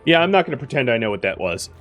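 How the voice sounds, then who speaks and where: A man's voice: medium pitch, fairly bright tone. Rambling man narrating his game. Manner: rambling and self-correcting, with frequent fillers. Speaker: gaming streamer. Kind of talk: casual let's-play commentary.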